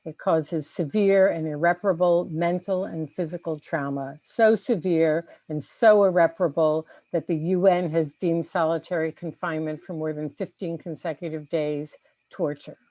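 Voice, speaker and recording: A woman executive director giving a prepared advocacy speech, measured and full of figures. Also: deep voice, steady tone, warm tone, no room sound. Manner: measured, statistic-heavy advocacy. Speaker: civil liberties group director. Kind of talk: prepared press conference speech.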